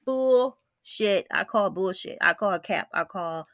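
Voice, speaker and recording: A woman's voice: mid-range voice, animated, slow, fairly bright tone, no echo, studio quality. A woman vlogger, talking bluntly and with exasperation straight to her viewers in a gossip commentary.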